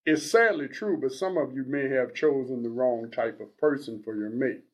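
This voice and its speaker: A man in his sixties reading aloud as an older male advice columnist, blunt and earnest, in a measured, preachy delivery. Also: medium pitch, close to an everyday voice. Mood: advising. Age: 60s.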